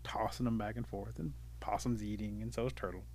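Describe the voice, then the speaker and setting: A storyteller from the Cherokee Nation, telling a folk tale in a relaxed, folksy way with fillers. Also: male voice, fairly low pitch, brisk.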